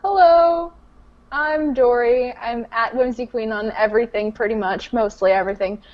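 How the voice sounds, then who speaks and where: A woman's voice: fairly high pitch, moderate pace. A woman player introducing herself in a tabletop game stream, easygoing and self-deprecating, on a dull lo-fi mic.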